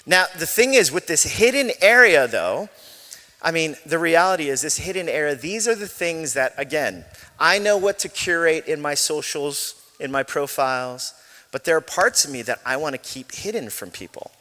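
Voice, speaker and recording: Guy pastor preaching, chatty and joking, bright voice bouncing around a big echoey sanctuary. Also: a little high, animated, normal speed. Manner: conversational storytelling, self-deprecating jokes. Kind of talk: sermon. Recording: echoey large hall.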